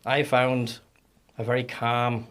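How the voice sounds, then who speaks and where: A middle-aged man with a Northern Irish accent, a podcast guest telling stories in a halting way, repeating words as he recalls. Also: medium pitch, level tone, fairly bright tone. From Northern Ireland. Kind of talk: casual interview storytelling.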